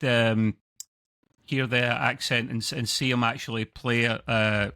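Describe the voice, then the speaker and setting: Scottish man chatting, bright dry sound. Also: medium pitch, level tone, a little slow, dry recording. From Scotland. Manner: rambling, self-correcting, chuckling asides. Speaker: co-host of a TV review show. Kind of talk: casual review chat over a video call. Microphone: video call.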